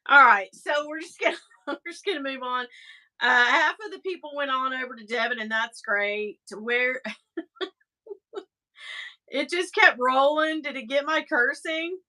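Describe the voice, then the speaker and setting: A middle-aged woman hosting a casual livestream, talking straight to her viewers in a rambling, exasperated way. Her voice sits high and sounds bright. She takes her time, with an unhurried pace. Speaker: livestream host.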